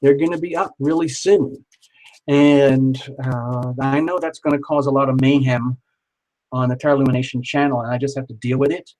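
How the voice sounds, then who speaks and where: A man's voice: mid-range voice, fairly even intonation, normal speed, darkish tone, rough recording. A man hosting a live tarot reading stream, chatting casually and reassuringly with viewers.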